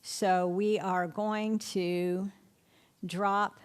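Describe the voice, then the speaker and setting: A middle-aged woman teaching spelling rules to a room of teachers, firing quick questions and often answering them herself. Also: mid-range voice, flat delivery, clean tone. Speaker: literacy instructor. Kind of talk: spelling lesson to an audience of teachers.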